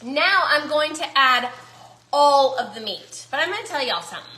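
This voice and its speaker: A woman's voice: high-pitched, expressive, moderate pace, pushed and bright, roomy sound. A woman chatting casually to viewers while cooking in her home kitchen. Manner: chatty, folksy, talks to viewers as y'all. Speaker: cooking vlogger.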